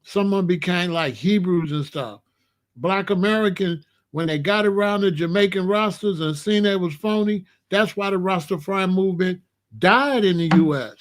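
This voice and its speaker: A male commentary host from Chicago, telling stories in an opinionated monologue with animated, slangy street talk. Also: high voice, normal speed.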